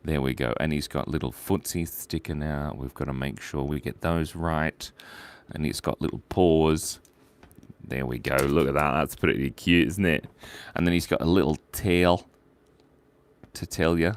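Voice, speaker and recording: A man hosting a casual live drawing stream, playful and jokey, reading viewers' names and shout-outs aloud as he draws. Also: rumbling low, unhurried, smooth.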